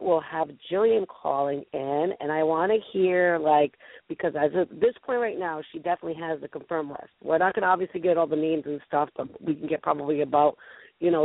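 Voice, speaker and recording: A woman's voice: low-pitched, creaky, no echo. Bubbly, rambling female talk-show host; dry, narrow phone-line sound. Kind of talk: casual talk-radio chat.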